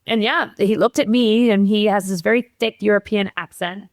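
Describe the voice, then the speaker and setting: Woman, middle-aged, podcast guest, animated storytelling, acts out quotes, near tears at times, dry close sound. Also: medium pitch, moderate pace, no echo. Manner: animated, acts out quotes, laughs while telling. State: tearful at moments. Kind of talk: emotional personal storytelling.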